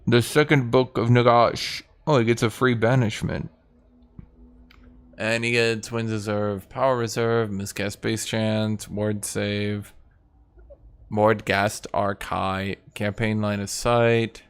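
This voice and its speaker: A man's voice: on the low side, little pitch movement, slow, smooth. A young man streaming a strategy game, talking offhand and sardonic, swearing casually as he comments.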